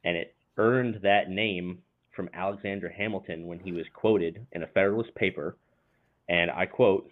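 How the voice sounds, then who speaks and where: A man talking as a podcast guest in an earnest, measured way. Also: sits low, steady tone. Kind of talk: casual chat and prepared explanation. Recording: tinny phone line.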